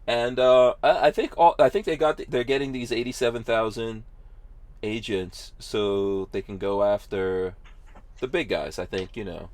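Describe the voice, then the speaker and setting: A man's voice: on the low side, moderate pace, a little mellow. Male podcast host, casual talk, sarcastic, laughs a lot. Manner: sarcastic, laughing often, filler-heavy. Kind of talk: casual news chat.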